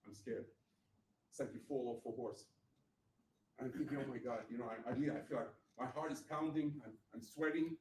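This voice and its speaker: A man's voice: medium pitch, fairly even intonation, normal speed. Blunt, profane older man. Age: 60s. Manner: blunt, profane, emphatic storytelling. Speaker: guest speaker at a tech meetup. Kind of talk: motivational personal story. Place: event venue. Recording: echoey room mic from far off with faint noise.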